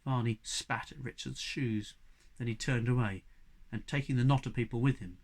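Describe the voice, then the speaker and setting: A man reading a novel aloud as audiobook narration, measured and expressive, at a middling pitch. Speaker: reader.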